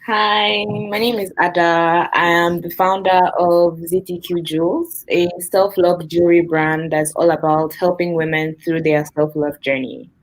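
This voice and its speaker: A woman's voice: fairly low pitch, fairly even intonation, unhurried, hardly any pauses, poor audio. Poised young woman student introducing herself. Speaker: panel guest. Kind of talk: self-introduction. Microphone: video call.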